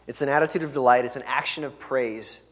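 A man preaching a sermon as pastor, earnest and emphatic, pushing hard on key words and then dropping to a soft, low finish. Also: quick pace. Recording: long reverb of a large hall.

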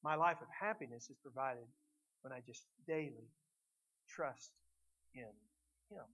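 Bright, animated middle-aged male pastor. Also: medium pitch, a little slow, poor audio. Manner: animated preaching, swings from loud emphatic to quiet. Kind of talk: sermon.

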